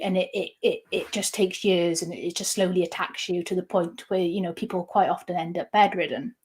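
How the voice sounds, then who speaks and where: This interview guest, a woman in her thirties, has a lowish voice with a somewhat dark tone. She candidly recounts a personal story, stopping and starting over frequently.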